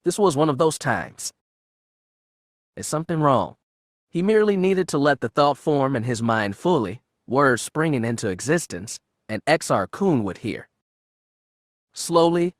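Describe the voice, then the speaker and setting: A man reads a space-adventure novel aloud in a measured, even narration. His voice sits in a middle register, and the recording is dry and close with no room sound. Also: mid-range voice, no room sound. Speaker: audiobook narrator. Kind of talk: audiobook narration of fan fiction.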